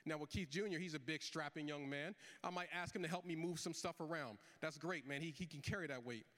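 Animated fast-talking pastor in a hall. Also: male voice, fairly high pitch. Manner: storytelling with animated quoted dialogue. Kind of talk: sermon.

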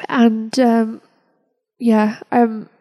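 A woman podcast host telling a personal story in an emotional, halting way, with many restarts. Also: fairly high pitch, flat delivery, dark tone, poor audio.

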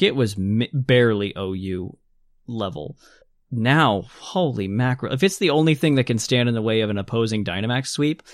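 A man's voice: mid-range voice, dry recording, clean studio sound. A man hosting a casual gaming podcast, explaining things at length with enthusiasm. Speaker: podcast host.

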